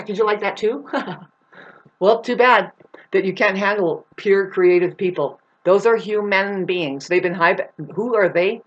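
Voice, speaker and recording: Woman vlogger, mid-pitched, restless stream-of-consciousness rant, swears freely, swings from muttering to loud bursts. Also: normal speed, lo-fi sound. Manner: rambling, profane, restless, with sudden loud outbursts. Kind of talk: rambling stream-of-consciousness monologue.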